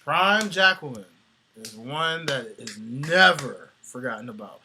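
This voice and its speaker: A man co-hosting a casual wrestling talk show, animated and slangy, laughing often. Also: medium pitch, a little slow, a little hiss or hum. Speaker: podcast co-host.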